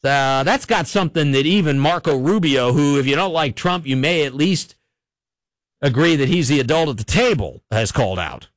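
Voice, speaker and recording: On the high side and lively in intonation, a man's voice carries his local radio talk show at a moderate pace, with no echo. He rambles through news commentary with a wry edge, chuckling at his own jokes, recorded on a studio microphone in a radio studio.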